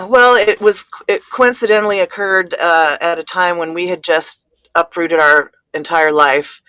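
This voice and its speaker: A woman speaking as a guest in a casual conversation, talking haltingly with many fillers and restarts. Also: fairly low pitch, bright, forceful tone, clear, resonant tone, no room sound. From California.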